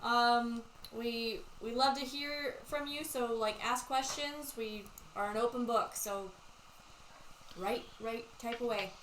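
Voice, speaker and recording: A woman's voice: on the high side, slow pace, a bit bright, slight background noise. A woman hosting a live stream, speaking directly to viewers in a friendly, casual way. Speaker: host. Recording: roomy echo.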